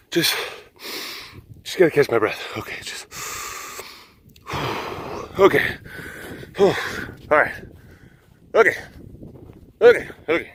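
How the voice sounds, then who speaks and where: A man's voice: big pitch swings, drawn-out words, long pauses, fairly bright tone, breathy edge. Man cooing baby talk at animals. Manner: coos in high baby talk at animals, joking. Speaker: vlogger at a wild animal facility. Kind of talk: casual vlog talking to animals.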